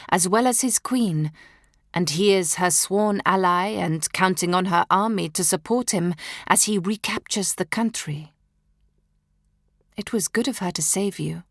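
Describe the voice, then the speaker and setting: A woman's voice: mid-range voice, no echo, studio quality. A woman narrating a historical novel in the first person, with dramatic, emotive delivery that drops into whispers at tense moments. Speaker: audiobook narrator.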